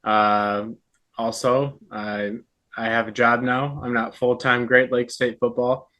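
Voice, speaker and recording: A man's voice: medium pitch, level tone, slow pace, sharp tone. Teasing man on a podcast call. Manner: teasing, jokey. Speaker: podcast co-host. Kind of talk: casual podcast chat. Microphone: remote call.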